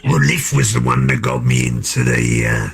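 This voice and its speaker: A man chatting casually, jumping in eagerly with animated remarks. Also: medium pitch, normal speed, vocal fry, soft background music. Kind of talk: casual chat.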